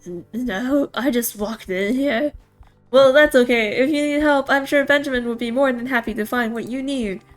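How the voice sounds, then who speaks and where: A woman's voice: sits high, moderate pace, faint music behind, pitched above the performer's own voice, lightly acted. A woman reading aloud the falsely cheerful, sarcastic lines of a young store clerk in a game. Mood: forced cheer.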